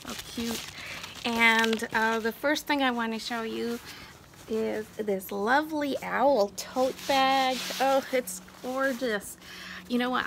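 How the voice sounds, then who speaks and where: Gravelly, chatty woman vlogger. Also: a little high. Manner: chatty and gushing, with many fillers. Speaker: craft vlogger. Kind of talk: casual show-and-tell chat. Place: at home. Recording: background noise of crinkling packaging.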